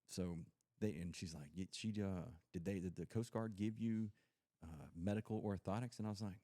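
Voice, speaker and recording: A Coast Guard veteran, rambling through stories in a casual podcast chat, with lots of fillers and restarts. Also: male voice, on the low side, brisk, mellow, dry recording, studio quality. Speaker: podcast host.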